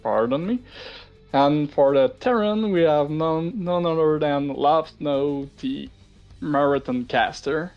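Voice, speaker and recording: A man co-hosting a game league stream, talking in a relaxed, casual way. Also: on the high side, slow, smooth, highs cut off, soft background music. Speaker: co-host.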